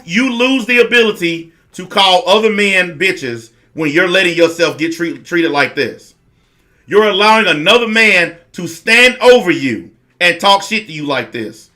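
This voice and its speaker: A man's voice: high-pitched, sharp tone. A man delivering a blunt, profane rant straight to camera. He is aggressive and confrontational, hammering his points home by repeating them. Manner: repeats lines for emphasis. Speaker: online commentator.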